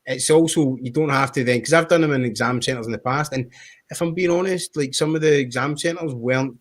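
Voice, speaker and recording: A man chatting casually as a guest on a tech livestream, relaxed and conversational with hedging fillers. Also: mid-range voice, a little fast. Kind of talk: casual chat.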